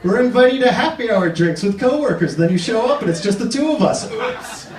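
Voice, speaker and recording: Male stand-up comic, lively delivery, slips into voices for his characters; roomy live recording from a distance, with audience noise. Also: extremely high pitch, fast. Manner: animated, acts out quoted people in put-on voices. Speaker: stand-up comedian. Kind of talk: stand-up comedy set. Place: live comedy theater with audience laughter.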